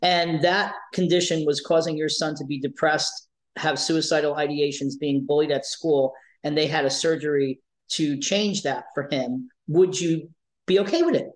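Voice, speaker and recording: In a rough recording, a life coach for trans and non-binary youth shares stories during an interview. His voice sits on the high side with a steady tone at normal speed, and he stresses his points by repeating key phrases.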